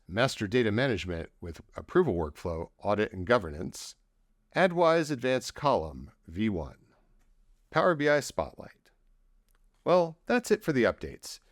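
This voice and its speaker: A man with a fairly low voice narrates a software update video, his pitch rising and falling with plenty of movement. He reads feature news and lists in an upbeat, scripted way. The sound is dry and close, with no room around it. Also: no room sound. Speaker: product update host.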